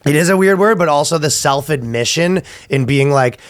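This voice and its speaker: A man's voice: a little high, moderate pace, smooth, dry recording, studio quality. A man co-hosting a comedy podcast, riffing casually with profanity and frequent laughter. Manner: animated, profane, laughing riffs. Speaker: podcast co-host.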